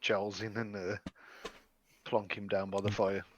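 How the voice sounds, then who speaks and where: A man's voice: on the low side, little pitch movement, unhurried, lo-fi sound, slight background noise. A man playing a tabletop game, chatty and joking. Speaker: player. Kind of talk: casual tabletop play.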